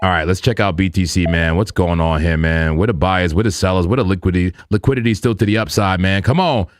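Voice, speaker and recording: Low-voiced hyped male stream host. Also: quick pace, soft background music. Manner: hyped, slangy, talks to the chat. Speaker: livestream trading host. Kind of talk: casual live-stream commentary.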